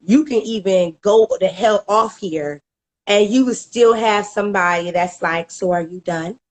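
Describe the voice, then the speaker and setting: A woman's voice: mid-range voice, measured pace. A middle-aged woman, giving a candid personal testimonial about a coaching program, often repeating words and laughing as she goes.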